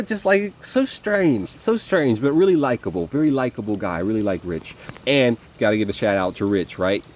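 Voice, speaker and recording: Speaking to camera, a man shares war stories in a loose, conversational monologue, stumbling through fillers and restarting sentences. This vlogger's voice is medium-pitched with a somewhat dark tone, animated and at normal speed.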